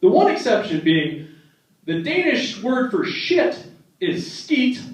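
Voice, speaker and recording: A young man works a comedy club stage with animated storytelling, his fairly high voice jumping around as he slips into quick impressions of family members. The sound is dull and heard from a distance, with heavy room echo around it. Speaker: stand-up comedian. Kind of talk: stand-up comedy set. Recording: echoey, dull club recording from the back.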